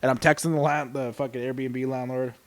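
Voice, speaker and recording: Fast-talking man telling a rambling story. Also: mid-range voice, fairly even intonation. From Canada. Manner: swearing, laughing storyteller. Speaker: stream co-host. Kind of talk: casual storytelling chat.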